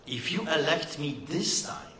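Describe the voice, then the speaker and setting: Guy doing a sugary lady politician promising the moon, wheedling and over-eager, bright pushy tone, echoey hall. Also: a little high, very animated, unhurried, slight background noise, full character voice. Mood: coaxing. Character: sweet-talking woman politician making empty promises.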